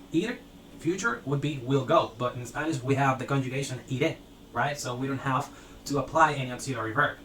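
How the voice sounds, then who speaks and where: A man's voice: mid-range voice, a bit bright, slight background noise. Man teaching grammar in an echoey room. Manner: explains step by step, repeating examples and asking "right?". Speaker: language teacher. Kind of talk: grammar lesson. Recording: echoey room, faint ambience.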